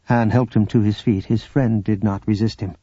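A man narrates an audiobook in a measured, steady voice. His tone is dark and husky, and the recording sounds dry and a little dull. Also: lowish voice, dry recording. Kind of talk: scripted narration.

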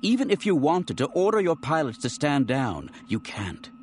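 A man voicing a small, plump male colonel with a thin, fragile voice that turns shrill. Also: big pitch swings, moderate pace, darkish tone, slight background noise. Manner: nervous, rising to shrill outbursts.

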